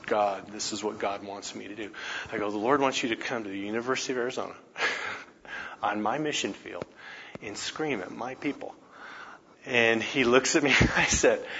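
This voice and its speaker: A man's voice: mid-range voice, pushed and bright, husky. A campus minister giving a conversational teaching talk, telling stories and often checking in with his listeners with tag questions. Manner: storytelling, frequent tag questions. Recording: dull lo-fi recording, faint noise.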